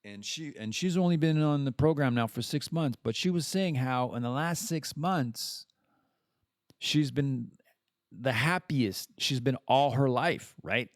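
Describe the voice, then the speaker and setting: A man's voice: mid-range voice, measured pace, dry recording, studio quality. A man hosting a podcast, talking in a rambling, casual monologue full of restarts and the odd swear word. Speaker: podcast host.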